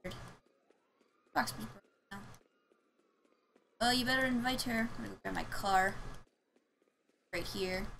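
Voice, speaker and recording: A woman streaming a video game, chatting casually, loud and excitable, swearing and laughing often. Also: fairly high pitch, moderate pace, creaky, pauses often. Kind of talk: casual gaming stream chat. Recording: faint background noise.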